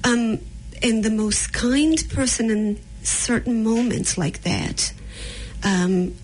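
A woman's voice: fairly high pitch, takes it slowly, poor audio. A woman with a Brazilian accent, speaking bluntly and frankly as a podcast guest in a candid conversation. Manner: blunt and frank, mixing in sharp retorts.

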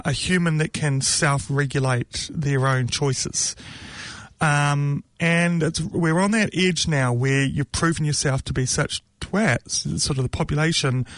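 A man's voice: fairly high pitch, a bit bright, dry recording. A man giving a blunt, ranting opinion monologue, full of restarts and fillers.

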